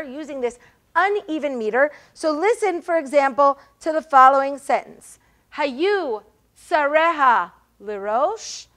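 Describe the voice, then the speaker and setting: High-voiced woman teaching a Bible class. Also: fairly bright tone. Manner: explanatory, checks in with "right?" and "okay?"; frequent fillers and repeated words. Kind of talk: classroom lecture. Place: synagogue hall.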